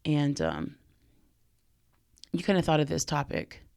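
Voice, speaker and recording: Female podcast co-host, lower register, mild post-bronchitis roughness, chatty and easygoing. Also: sing-song, measured pace, darkish tone. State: recovering from bronchitis, slightly off voice. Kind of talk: casual faith podcast chat.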